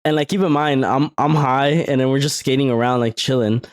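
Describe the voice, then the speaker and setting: A young man co-hosting a podcast, telling stories in an animated way and laughing often. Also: mid-range voice, a little fast. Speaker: podcast co-host. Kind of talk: casual chat.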